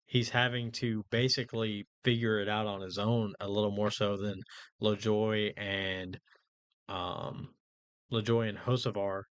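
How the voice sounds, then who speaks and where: Lowish-voiced man explaining things. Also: a bit bright, no room sound, lo-fi sound. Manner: explains at length with fillers and restarts. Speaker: podcast co-host. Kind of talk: casual chat, explaining.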